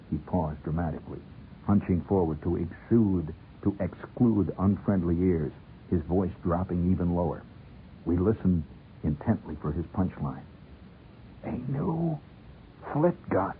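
A very deep-voiced man tells a wry, animated story. His pitch swings widely as he puts on voices. The sound comes through a thin, phone-like old radio broadcast with faint hiss. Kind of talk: first-person storytelling.

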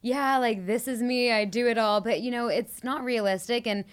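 A woman's voice: on the high side, fairly even intonation, normal speed, smooth. A woman from Canada hosting a podcast, talking in an upbeat, chatty way with many "like"s and "literally"s. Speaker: podcast host. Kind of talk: casual interview chat and read ad.

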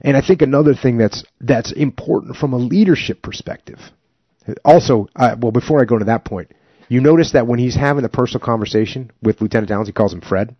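A man's voice: mid-range voice, a little fast, dry recording. A male podcast host reading from a book and then commenting on it emphatically, in a slightly muffled dry recording. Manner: emphatic, animated when commenting.

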